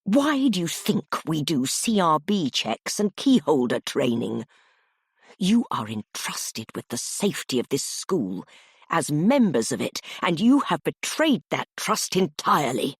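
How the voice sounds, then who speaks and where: A stern male headmaster, played by a woman reading aloud, speaking slowly and quietly through barely held anger. The voice is low and husky, with sudden lifts in its pitch. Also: very animated, dry recording, clean studio sound, heavily acted. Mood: restrained fury. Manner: slow, quiet, barely restrained fury.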